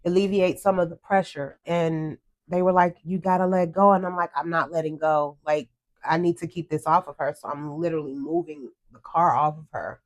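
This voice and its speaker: A woman's voice: low voice, steady tone, moderate pace. A middle-aged woman telling an emotional story of a crash as a podcast co-host, earnest and close to tears. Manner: earnest, tearful retelling, quotes herself.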